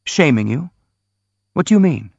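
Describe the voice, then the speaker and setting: A man reading the part of an earnest, gentle young prince in an audiobook, in a soft, pleading way, recorded dry and slightly dull. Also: fairly high pitch, very animated, moderate pace, vocal fry, slightly rough, no echo, voice pushed up, exaggerated voice. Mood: troubled.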